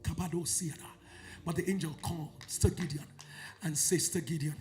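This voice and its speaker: A man with a Nigerian accent preaching a sermon, swinging from loud shouts to low murmurs in a sing-song cadence. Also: steady tone, moderate pace, faint music behind. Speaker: pastor.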